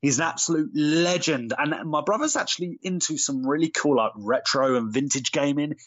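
A man's voice: a little high, normal speed, a bit bright, no room sound, muffled recording. A man co-hosting a podcast, chatting with enthusiasm and lots of fillers. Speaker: podcast co-host. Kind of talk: casual chat.

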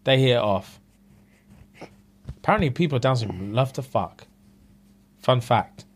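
A man with a London accent co-hosting a podcast, telling a story in a casual, animated way and acting out what people said in different voices, with plenty of swearing. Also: medium pitch, normal speed. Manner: acts out quotes in changing voices, swears freely. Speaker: podcast co-host. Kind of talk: casual chat, animated retelling.

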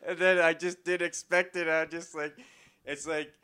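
A man chatting casually and laughing often, retelling a story with loud acted-out yells. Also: on the high side, level tone, normal speed, smooth. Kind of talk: casual chat.

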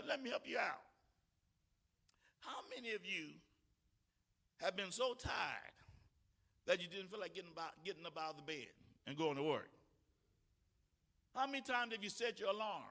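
A male pastor preaching a sermon with call-and-response, building from easy talk to shouted exhortation and mimicking whiny voices along the way. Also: very high-pitched. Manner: mimics tired whining voices in asides. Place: church sanctuary. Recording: long hall reverb.

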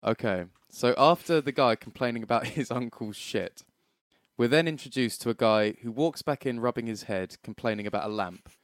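A man co-hosting a casual film review podcast, talking in animated, sweary banter with frequent laughs. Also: medium pitch, normal speed, no room sound, studio quality. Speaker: podcast co-host.

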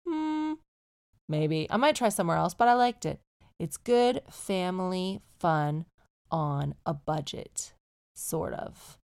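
A woman from the United Kingdom hosting a podcast, chatty and animated, casually telling a travel story while ill. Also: fairly low pitch, slow, gravelly, clean tone.

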